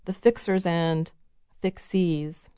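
Woman reading as a gruff, barking older father. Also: lowish voice, fairly even intonation, takes it slowly, mellow, dry recording, studio quality. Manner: barking, sardonic.

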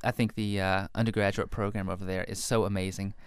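A man's voice: low voice, flat delivery, fast, clear, resonant tone, no echo, clean studio sound. A young man, a novelist guest in an interview, talking about his writing and laughing at himself as he reads his own early story aloud.

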